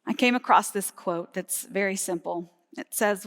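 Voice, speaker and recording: A woman's voice: mid-range voice, moderate pace, hardly any pauses, fairly bright tone. A woman pastor delivering a live Sunday sermon, teaching steadily and laughing lightly now and then. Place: church sanctuary, live service. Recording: long hall reverb from a church.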